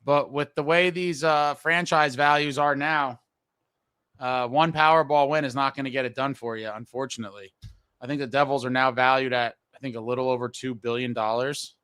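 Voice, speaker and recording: A man's voice: medium pitch, steady tone, normal speed, fairly bright tone, clean tone, no room sound. A man hosting a live fan show and reading viewer comments aloud, blunt and frustrated and swearing casually. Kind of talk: casual live-stream talk.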